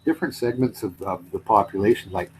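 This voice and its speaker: Low-voiced man with a Lancashire accent. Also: brisk, darkish tone, slight background noise, poor audio. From Burnley, England. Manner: rambling, many fillers and restarts. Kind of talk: casual chat on a call.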